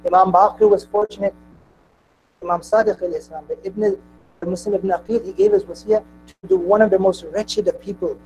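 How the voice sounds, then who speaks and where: Mourning sermon voice, telling it with real grief, some quiet music in the back. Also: medium pitch, steady tone, brisk, poor audio. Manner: grieving, impassioned storytelling. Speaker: speaker at a mourning gathering.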